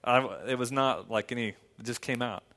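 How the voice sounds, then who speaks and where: Male pastor, sermon delivery, casual storytelling building to forceful emphasis; reverberant hall sound. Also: medium pitch, moderate pace. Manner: conversational storytelling, swings loud and emphatic.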